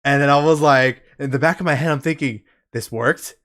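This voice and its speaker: A man's voice: on the high side, steady tone, fast talker, a bit bright, smooth. Laid-back young man telling a story. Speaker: streamer host. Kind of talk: casual chat.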